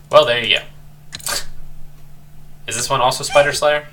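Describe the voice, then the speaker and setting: A man's voice: medium pitch, fairly even intonation, normal speed, long pauses, sharp tone. A man hosting a let's play, chatting wryly and reading game text, on a slightly distant mic with faint noise. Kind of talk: casual game commentary and reading.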